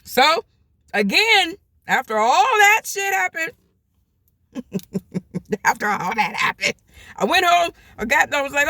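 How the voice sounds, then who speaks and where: Bright-voiced woman telling a story. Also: sits high, slow, long pauses. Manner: chatty, animated, acts out quoted people. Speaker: vlogger. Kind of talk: casual storytime.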